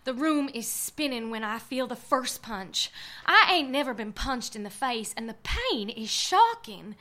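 An actress playing a drunk, frightened young woman who narrates her own ordeal, halting and stammering. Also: sits high, sharp tone, exaggerated voice. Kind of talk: first-person audio drama narration.

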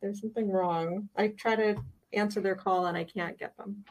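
A man's voice: high voice, fairly even intonation, moderate pace, voice pushed up, low-quality recording. A man voicing a flustered woman producer whose phone won't work, stammering and faint.

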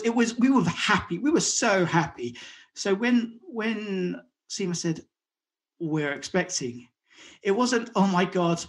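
A man, a guest talking openly in an interview, often repeating and restarting words and acting out what others said. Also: high-pitched. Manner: halting, repeats words, acts out quotes. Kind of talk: conversational interview.

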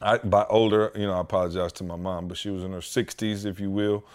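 A man's voice: low-pitched, level tone, fast. A man in his thirties, a podcast co-host, telling a story in casual chat and acting out the people in it with heated voices. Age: 30s.

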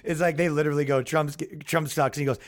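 A young man rants on his podcast in a loose, comic way, speaking a bit higher than most men. He acts out what other people said without putting on voices, and his pitch jumps up as he gets worked up. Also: quick pace. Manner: animated, acts out quotes in his own voice. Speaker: podcast host. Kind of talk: casual comedic rant.

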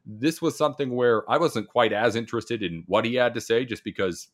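A man co-hosting a casual sports talk show, speaking in a measured, conversational way. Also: medium pitch. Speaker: sports podcast co-host.

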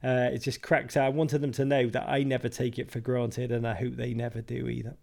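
A man's voice: mid-range voice, flat delivery, a little fast, creaky, darkish tone. A middle-aged English man, a guest author talking in a casual interview, emphatic and wry.

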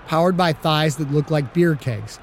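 A man narrating an audiobook in a steady storytelling manner. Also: on the high side, moderate pace, slight background noise.

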